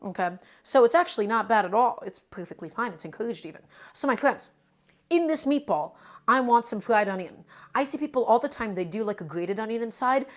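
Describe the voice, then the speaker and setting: A woman's voice: fairly high pitch, expressive, a little fast, faint music behind. A woman with a New York accent, chatting and explaining as she cooks on a live stream and talking straight to her viewers. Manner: chatty and explanatory, often calls viewers "my friends". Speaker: cooking streamer. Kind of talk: casual live cooking demonstration.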